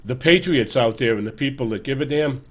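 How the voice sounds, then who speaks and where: Speaking with an animated, medium-pitched voice at a fairly quick clip, a man in his sixties hosting a show delivers earnest, emphatic political commentary. The monologue is loose and conversational, he urges his listeners, and he frequently corrects himself.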